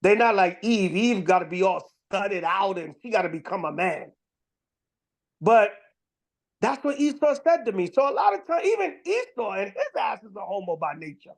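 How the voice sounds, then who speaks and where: A man's voice: high voice, big pitch swings, normal speed, gravelly. A man giving casual religious commentary, rambling and profane, with many fillers and restarts. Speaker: online commentator.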